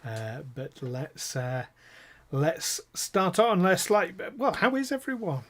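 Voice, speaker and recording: A man running a tabletop game stream, his voice sitting a little high and his delivery unhurried. He teases his players and laughs easily between lines. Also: sing-song, fairly bright tone. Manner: jokey, laughs often, teasing players. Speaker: game master and show host.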